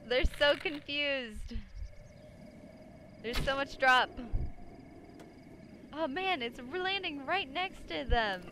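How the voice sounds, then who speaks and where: A woman's voice: high voice, takes it slowly, pauses often, background noise. A young woman streaming a video game live, chatting and giggling, cooing at enemies in a baby voice. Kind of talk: live gameplay commentary. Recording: music playing under the voice.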